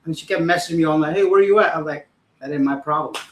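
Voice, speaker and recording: A man's voice: fairly high pitch, fast, roomy sound, low-quality recording. A young man casually telling a rambling, profane story to his livestream audience as host. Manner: rambling, profane, animated retelling.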